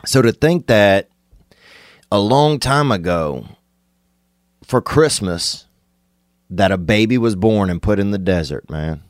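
A man, hosting a podcast and rambling through an absurd comic monologue, laid-back with sudden excited bursts. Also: on the low side, slow pace, pauses often, no echo, studio quality. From Louisiana. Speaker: podcast host.

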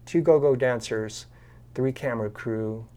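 Over a video call, a man appearing as a podcast guest narrates a story at a measured pace, his voice mid-range. He brings it to life by voicing the people he quotes.

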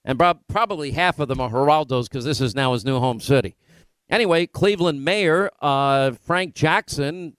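Brisk male radio host with a dry sound. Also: mid-range voice, smooth, no echo. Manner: rapid-fire rhetorical questions. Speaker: radio talk show host. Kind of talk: political talk radio. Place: remote broadcast location.

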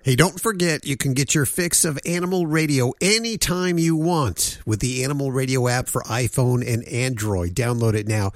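A man's voice: mid-range voice, normal speed, hardly any pauses. Upbeat male radio host, faint music. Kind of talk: radio talk show hosting.

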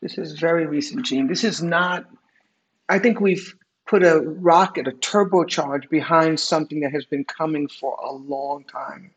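A woman's voice: deep voice, normal speed. Emphatic older woman, candid interview guest. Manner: emphatic, repeats key phrases, reflective. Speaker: guest, retired executive.

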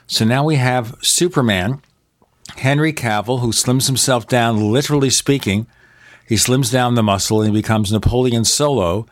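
A man's voice: mid-range voice, moderate pace, no echo, studio quality. Older man chatting about old TV. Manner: chatty, enthusiastic storyteller. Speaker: co-host. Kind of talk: casual chat about movies and TV.

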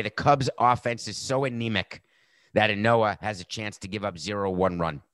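Low-ish voiced guy riffing on baseball picks, dry close mic, gets loud then mutters. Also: no echo. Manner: animated, jumps between loud outbursts and muttered asides. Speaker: sports betting podcast host. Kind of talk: casual sports talk.

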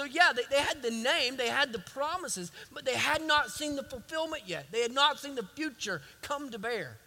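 A man's voice: extremely high pitch, bright, forceful tone, long reverb tail. A man preaching a sermon as a pastor, emphatic and repetitive.

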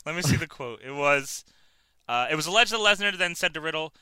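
A man on a casual podcast with a very bright, crisp voice that swings widely in pitch. He laughs between lines and swears easily as he tells a story. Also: expressive, a little fast, dry recording. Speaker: podcast co-host.

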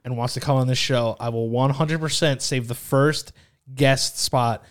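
A man co-hosting a podcast in casual chat, tossing in quick jokes and reactions. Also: medium pitch, fairly even intonation. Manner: jokey interjections, quick reactions. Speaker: podcast co-host.

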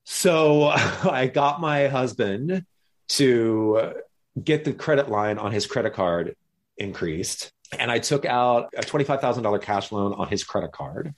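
A man's voice: medium pitch, unhurried. A man telling a story in casual conversation, acting out the lines of other people as he goes. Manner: animated, acts out other people's lines in jumpy voices. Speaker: guest.

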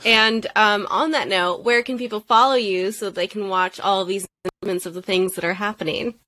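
A woman hosts an interview with a bright, sharp-edged voice. She sounds upbeat and enthusiastic, and her voice is recorded dry and close with no room sound. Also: mid-range voice, fairly even intonation, brisk, no echo. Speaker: interview host. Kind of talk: casual interview chat.

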